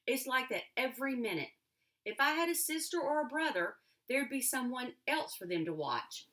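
A woman's voice: high voice, animated, moderate pace, fairly bright tone, voice pushed up. A woman voicing a restless, wistful young girl who longs for freedom, speaking in an earnest, pleading way.

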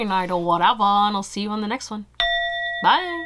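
A woman's voice: medium pitch, normal speed, slight background noise. Young woman doing a tarot reading, chatty, lots of "you know", talks straight to her viewers. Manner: chatty, animated, fillers like "you know" and "y'all". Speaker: tarot reader. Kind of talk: casual pick-a-card tarot reading.

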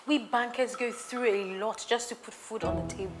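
A woman's voice: fairly high pitch, moderate pace. A woman, playing a banker in a comedy sketch and complaining in an exasperated, emphatic way. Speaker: banker character in comedy skit. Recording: music playing underneath.

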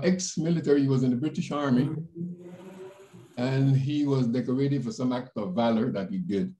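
An older man from the Panama Canal Zone, a panelist telling personal stories in an animated way over a video call. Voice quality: animated, jumps in pitch when quoting others. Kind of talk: personal storytelling. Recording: roomy echo.

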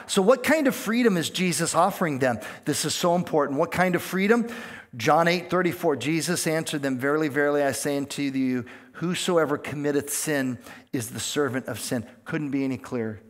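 A male pastor preaching in a mid-pitched voice that climbs higher and louder when he stresses a point. He talks freely rather than from a script, with restarts and fillers, and slips into the voices of the people he quotes. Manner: earnest preaching, rising in pitch and volume on key points, acting out quoted voices; plain delivery with fillers and restarts, not scripted. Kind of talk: sermon.

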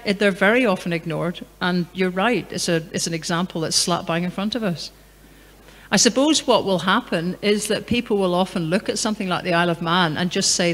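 A woman's voice: medium pitch, fairly bright tone. A middle-aged woman giving a public talk in a large hall, speaking in a conversational, anecdotal and emphatic way. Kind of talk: lecture and Q&A answer. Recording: long hall reverb.

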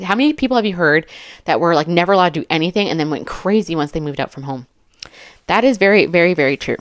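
Low-voiced woman, chatty commentary. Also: no echo, studio quality. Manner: chatty, animated asides with laughing interjections. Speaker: commentary YouTuber and mother. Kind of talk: reaction commentary, reading quotes aloud.

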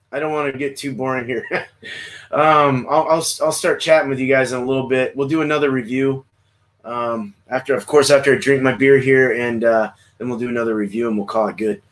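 A man's voice: mid-range voice, a bit bright. A man hosting a solo livestream about beer, chatting casually with viewers, rambling, repeating words and swearing now and then. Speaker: beer review livestream host. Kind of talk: solo livestream chat, reading chat comments. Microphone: computer mic for a livestream.

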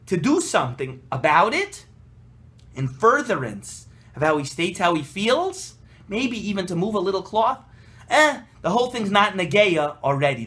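A young man, a rabbi, delivers a short Torah talk from his desk in a notably high, bright voice. He is animated and emphatic throughout, leaning on Hebrew and Yiddish terms as he explains. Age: young adult. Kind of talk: energetic Torah talk to camera.

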